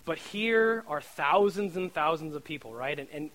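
Brief: male preacher, fairly high voice, casual joking sermon, animated, keeps checking in with "right?". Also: normal speed, low-quality recording.

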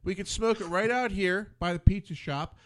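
A man's voice: sits high, moderate pace, no room sound. A man hosting a casual talk show, telling rambling, profane stories with many restarts. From Philadelphia area. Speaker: podcast host. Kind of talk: casual chat.

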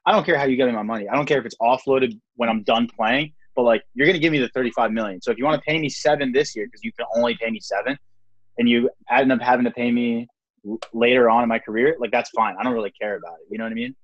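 A man's voice: medium pitch, fairly even intonation, fast, no room sound. A young man hosting a casual sports chat, rambling with many fillers like "like" and "um". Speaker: podcast host. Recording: slightly dull lo-fi sound.

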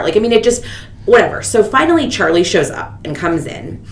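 A woman in her thirties hosting a podcast, telling a story in casual chat and acting out the people she quotes. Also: a little fast. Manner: animated, quotes people with big pitch jumps. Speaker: podcast host. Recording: echoey room with faint rumble.

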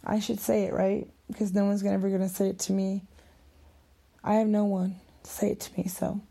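A middle-aged woman rambles through an emotional vlog monologue, her voice gravelly with fry. Her tone is dark and mellow, and she slips into whispers now and then. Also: medium pitch, little pitch movement, a little fast.

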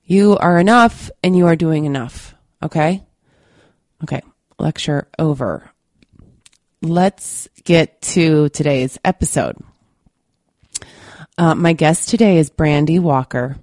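Low-voiced, stuffy woman podcast host. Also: slow pace, darkish tone, no echo, clean studio sound. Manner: candid and earnest, with many fillers. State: stuffy from a cold. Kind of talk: casual monologue to listeners.

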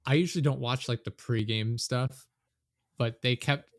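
A man's voice: mid-range voice, normal speed, dry recording, clean studio sound. A man chatting casually about soccer, rambling and swearing when annoyed.

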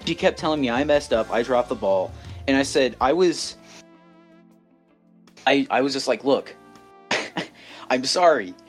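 A man's voice: mid-range voice, lively intonation, measured pace, pauses often, soft background music. A young man co-hosting a podcast, telling a story in casual chat, rambling with many restarts. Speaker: podcast co-host.

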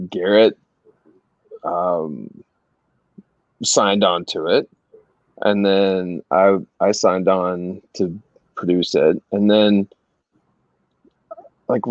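A middle-aged man casually telling anecdotes as a guest, animated and laughing as he goes. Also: low-pitched, no echo. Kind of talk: casual storytelling. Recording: dry, slightly dull sound.

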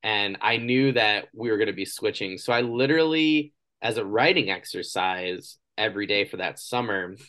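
A man's voice: lowish voice, moderate pace, few pauses. A man in his thirties hosting an interview podcast, chatting casually and acting out the people in his stories. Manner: animated storyteller, acts out quoted people. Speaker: podcast host.

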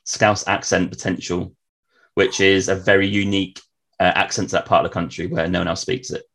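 A man's voice: low-pitched, little pitch movement, brisk, creaky, fairly bright tone. A man with a southern English accent, hosting a casual podcast chat and patiently explaining things with examples. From southern England. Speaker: podcast host.

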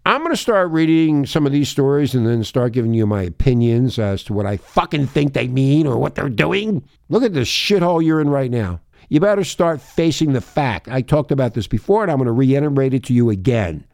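A man's voice: medium pitch, animated, a little fast, gravelly, few pauses, a little mellow, dry recording, clean studio sound. A man hosting talk radio who rants in a profane, emphatic and confrontational way. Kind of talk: ranting talk radio monologue.

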